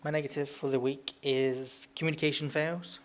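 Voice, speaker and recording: A man's voice: a little high, flat delivery, moderate pace. Crude rambling British podcast guy. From Britain. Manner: rambling, crude, ranting with silly impressions. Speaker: podcast co-host. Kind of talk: casual chat.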